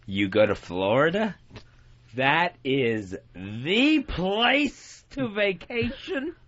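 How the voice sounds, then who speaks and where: A man's voice: fairly high pitch, very animated, extremely slow, a bit bright, lo-fi sound. A drunk man co-hosting a radio show, over-enunciating as he raves and repeats exclamations.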